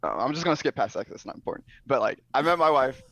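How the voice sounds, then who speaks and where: A young man and former soldier, a guest telling his story in a relaxed, laid-back way with many fillers, heard over a call. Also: mid-range voice, racing. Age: young adult. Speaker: guest streamer. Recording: dull lo-fi call audio.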